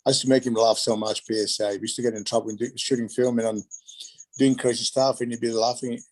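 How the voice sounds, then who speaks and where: A man, telling stories in a casual interview, rambling and animated with lots of fillers. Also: medium pitch, fast talker, poor audio. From Australia. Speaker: guest, retired wrestler.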